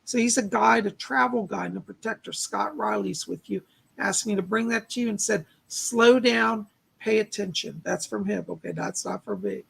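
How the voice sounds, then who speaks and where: A male psychic medium on a live stream, hoarse from losing his voice, relaying spirit messages and thanking donors by name. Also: high-pitched, a little fast, a bit bright. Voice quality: gravelly, husky voice. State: losing his voice, clearing his throat.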